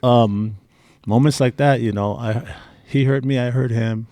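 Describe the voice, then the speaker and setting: A man's voice: mid-range voice, steady tone, a little slow, dark tone, no room sound. A middle-aged man telling personal stories in a casual interview, candid and blunt. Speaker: interview guest.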